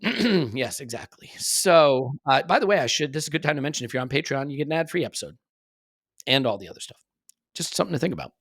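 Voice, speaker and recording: A man's voice: a little high, sing-song, fast, a bit bright, no room sound. Guy hosting a chatty podcast, jokey and wry, dead dry close mic. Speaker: podcast host. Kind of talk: casual podcast chat with ad reads.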